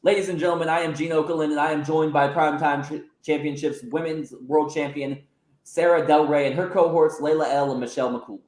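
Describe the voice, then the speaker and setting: A man's voice: a little high, steady tone, brisk, darkish tone, natural voice. A man doing a formal veteran ring interviewer. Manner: formal, announcer-like. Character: veteran male wrestling interviewer, polite and formal. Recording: roomy echo.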